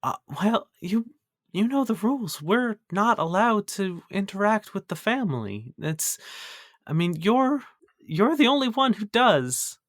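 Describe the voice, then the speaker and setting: A man's voice: sits high, big pitch swings, measured pace, a bit bright, dry recording, studio quality, pitched above the performer's own voice, heavily acted. A man voicing a flustered, kind, motherly halfling woman cook who fusses, apologises and soothes.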